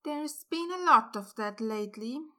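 Wry teasing young woman, read by a woman, higher and bright. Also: expressive, measured pace, full character voice.

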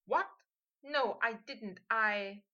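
A woman's voice: on the high side, drawn-out words, pushed and bright, dull audio, heavily acted. A woman voicing Draco, a snappish teen wizard. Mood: flustered. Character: teenage boy wizard, sharp-tongued, impatient. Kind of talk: audiobook fan fiction reading.

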